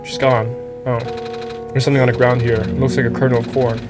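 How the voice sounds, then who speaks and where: A man's voice: mid-range voice, flat delivery, fast talker, loud music behind the voice. Chatty Filipino man streaming a game. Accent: American-sounding English. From Philippines. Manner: chatty, rambling, swears freely. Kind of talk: casual let's-play commentary.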